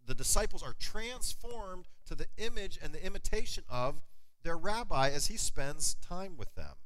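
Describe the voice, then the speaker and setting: A middle-aged man preaching a sermon as pastor, telling stories and slowing down to stress key words. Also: fairly high pitch, poor audio. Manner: animated storytelling preacher, slows for emphasis.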